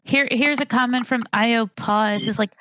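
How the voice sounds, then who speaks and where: A woman with a slightly high voice chats casually with friends, laughing often as she retells funny moments. Her voice is recorded up close and dry, with no room sound at all. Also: normal speed, no room sound. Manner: giggly, animated retelling. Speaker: reader in discussion panel. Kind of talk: casual group chat.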